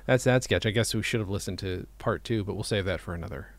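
A man's voice: on the low side, fast, no echo. A man co-hosting a podcast in casual, rambling chat, swearing now and then. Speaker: podcast co-host.

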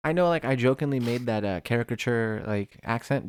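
A man co-hosting a podcast in casual chat, playful and quick to laugh. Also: medium pitch, clear, resonant tone. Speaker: podcast co-host.

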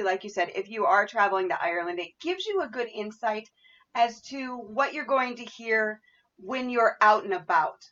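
A woman interviewer talking in a measured, reflective way in casual chat. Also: medium pitch, a bit bright. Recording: dull lo-fi audio.

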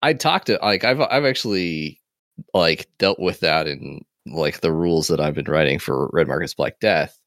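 A man's voice: rumbling low, normal speed, fairly bright tone, no room sound, studio quality. A man talking casually, explaining the rules he has been writing for a tabletop game. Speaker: game designer and player. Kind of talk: casual discussion.

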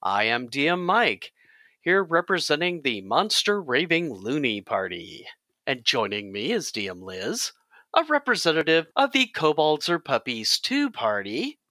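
A man's voice: on the high side, big pitch swings, unhurried, pushed and bright, no room sound. A man hosting a podcast about tabletop games, chatting casually and jokily while he explains the rules. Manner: jokey, explains game rules at length. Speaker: podcast host.

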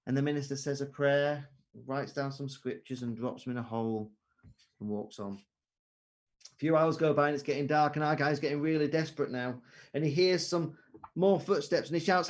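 A man's voice: on the high side, brisk. Man, preacher, online sermon, earnest, rhetorical questions, video call mic.

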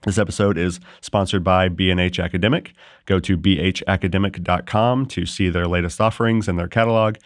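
Male podcast host, lower voice, conversational, dry close sound. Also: steady tone, fairly quick, no room sound. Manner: friendly and conversational, reads sponsor spots. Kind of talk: podcast interview.

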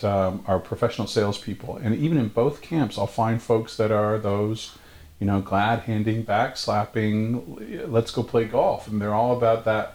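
Lower-voiced man hosting a chat. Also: darkish tone. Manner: asks questions, frequent "yeah" and "you know". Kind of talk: casual podcast conversation.

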